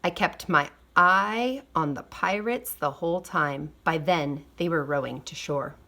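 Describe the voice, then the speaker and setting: A woman reading a children's picture book aloud, expressive, with quiet asides. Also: low-pitched, a little slow. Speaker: storybook reader. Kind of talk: storybook read-aloud.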